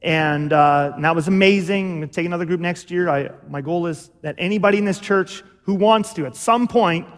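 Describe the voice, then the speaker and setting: Male pastor, high voice, sermon delivery, explanatory, lingering hall reverb. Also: brisk, few pauses. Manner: explanatory, repeats "okay?" to check understanding. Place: church.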